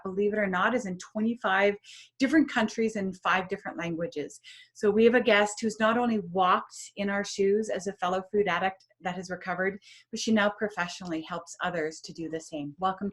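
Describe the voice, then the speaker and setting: Upbeat woman host with a breathy voice. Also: medium pitch. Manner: upbeat, welcoming presenter. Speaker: summit host, interviewer. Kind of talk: hosted interview introduction.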